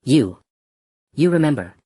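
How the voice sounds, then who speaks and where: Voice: medium pitch, very animated, unhurried, dark tone, slightly rough, dry recording, studio quality. A narrator voicing a desperate, grieving goat-eyed warrior father who speaks in a strained voice forced through clenched teeth. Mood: desperate anger.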